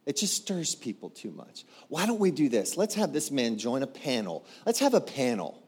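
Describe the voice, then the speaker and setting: A preacher voicing a timid church peacekeeper man who hushes everyone in a soft, hesitant way. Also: medium pitch, wildly swooping pitch, normal speed, slightly rough. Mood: placating.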